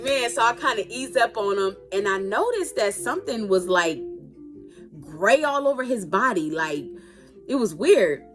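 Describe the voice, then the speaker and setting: An adult woman telling a personal story in a casual, animated and dramatic way, with playful asides. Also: a little high. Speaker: storytime vlogger.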